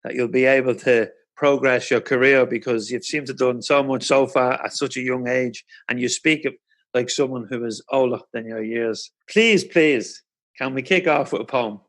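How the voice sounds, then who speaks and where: A man's voice: mid-range voice, steady tone, normal speed, fairly bright tone. A man hosting a podcast interview, speaking with enthusiastic praise for his guest. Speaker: podcast host. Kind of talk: casual interview.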